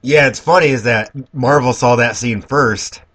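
A man co-hosting a casual movie podcast, relaxed and curious, asking questions. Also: medium pitch, moderate pace. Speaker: podcast co-host.

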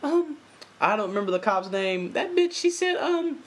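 A jittery young woman, put on by a man in a thin, squeaky falsetto, far above his own voice. She fumbles and hesitates as she speaks. It comes across as a quick joke voice inside a casual recap. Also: big pitch swings, full character voice. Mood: flustered. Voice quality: high falsetto. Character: flustered young woman, high and nervous.

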